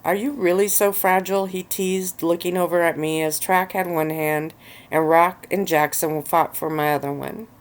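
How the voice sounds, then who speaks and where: A woman relaxing on a bed of pillows, reading her own story aloud in a relaxed ASMR-style narration. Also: deep voice, a little slow.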